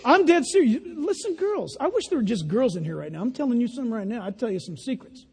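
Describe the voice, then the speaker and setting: High-voiced older preacher in echoing hall. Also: male voice, sing-song, fast, creaky, darkish tone. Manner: emphatic, playful asides. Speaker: pastor. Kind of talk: sermon. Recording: long reverb of a large hall.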